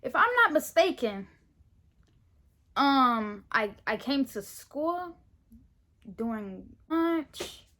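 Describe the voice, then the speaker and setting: A teenage girl with a high, bright voice tells a school story straight to the camera. She is animated and indignant, acting out each line of the argument in her retelling. The delivery is loose and casual, full of quoted back-and-forth. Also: very slow, long pauses. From Florida, US. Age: teens. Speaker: vlogger telling a story.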